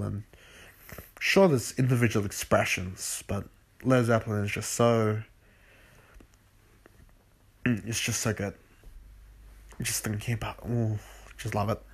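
A man's voice: lowish voice, breathy edge. A man hosting a solo podcast at night, tired and sick with a runny nose, rambling and joking at his own expense while smoking at home. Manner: playful, rambling, self-mocking, repeats sung "ooh yeah". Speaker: podcast host. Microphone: phone recording.

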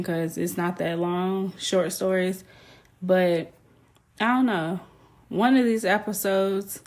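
A young woman hosting a podcast, talking frankly and casually, with frequent laughter and a loose, chatty delivery. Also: lowish voice. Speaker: podcast host. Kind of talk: candid casual monologue.

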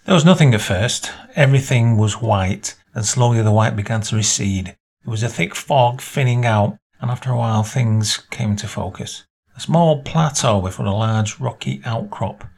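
A man reading a short story aloud as narrator, in a measured storytelling manner. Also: vocal fry, darkish tone, husky. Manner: measured storytelling, voices dialogue with small pitch lifts.

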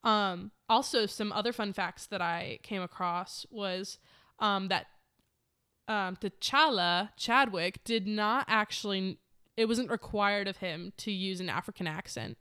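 A woman's voice: medium pitch, a little slow, bright, forceful tone, clear, resonant tone. A woman chatting casually and enthusiastically about a film with a friend, laughing often.

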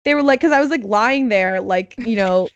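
A young woman telling a story in casual chat, animated and laughing, acting out what others said. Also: fairly high pitch, moderate pace, no echo, dull audio. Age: young adult.

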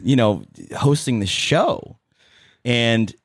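A man's voice: mid-range voice, slow, no echo, clean studio sound. A man in his thirties with a Californian accent, chatting as a podcast guest, rambling with fillers and restarts. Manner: rambling, many restarts and fillers, animated asides. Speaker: podcast guest, former radio host and event MC. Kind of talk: casual interview chat.

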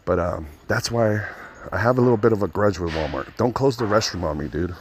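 Deep-voiced man rambling into his phone. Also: brisk, a little hiss or hum. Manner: rambling, profane storytelling. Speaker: vlogger. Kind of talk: casual vlog monologue while out shopping. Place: inside a large store. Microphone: phone held to his ear.

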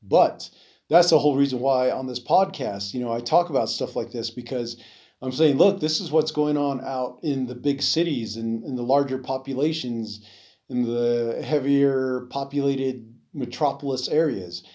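Rambling man with a mellow, dark voice. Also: mid-range voice, normal speed. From Navajo reservation. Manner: rambling, many fillers and restarts, casual swearing. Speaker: podcast host. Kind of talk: rambling solo podcast monologue.

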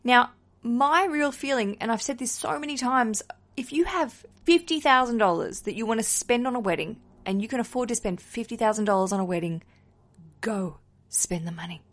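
A woman's voice: a little high, animated, moderate pace, a bit bright. A young woman hosting a wedding podcast, chatting casually and enthusiastically, with the odd swear word thrown in.

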